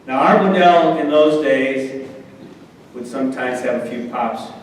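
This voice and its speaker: A man's voice: medium pitch, unhurried. A middle-aged man telling sports anecdotes as a guest speaker at a club meeting, acting out the voices of the people in his stories. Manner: animated anecdotes, acts out quoted voices. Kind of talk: after-dinner storytelling. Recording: echoey hall, distant mic, faint noise.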